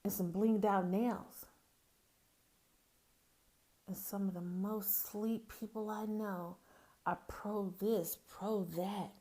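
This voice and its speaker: A woman with a Southern accent from Mississippi talks frankly and personally, her voice pitched in an ordinary middle range. She speaks in a folksy, plain-spoken way and addresses the listener as "baby". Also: fairly even intonation, takes it slowly, pauses often, mellow. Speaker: podcast host. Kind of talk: personal monologue.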